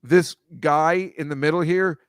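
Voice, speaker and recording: A man's voice: on the high side, fairly even intonation, a little slow, smooth, no room sound, clean studio sound. A man hosting a casual video-call chat over shared slides, rambling, wry and mocking, swearing freely. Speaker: host.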